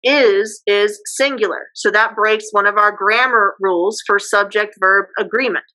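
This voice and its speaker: A woman's voice: mid-range voice, steady tone, unhurried, bright, forceful tone, poor audio. A woman teacher giving a casual classroom lecture, chatty and acting out example phrases.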